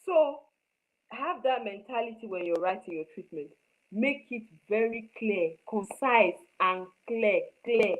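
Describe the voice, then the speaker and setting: A woman's voice: fairly high pitch, animated, unhurried, narrow, tinny audio. Emphatic woman teaching a class. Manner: emphatic, repeats points, asks students if they understand. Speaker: screenwriting teacher. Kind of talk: live online class.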